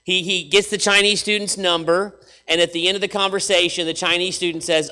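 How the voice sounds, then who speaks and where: A man preaching a sermon in an animated way, repeating phrases for emphasis and swinging from loud to hushed. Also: sits high, a little fast, few pauses.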